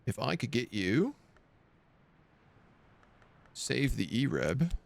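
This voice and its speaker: A man's voice: medium pitch, big pitch swings, takes it slowly, vocal fry. A man streaming a game live, thinking aloud and muttering over his choices. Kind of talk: live gameplay commentary.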